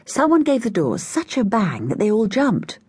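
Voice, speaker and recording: Lively woman reading a children's story. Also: normal speed, breathy edge, no room sound. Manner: lively, voices each child with raised pitch. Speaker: audiobook narrator. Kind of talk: scripted children's story narration.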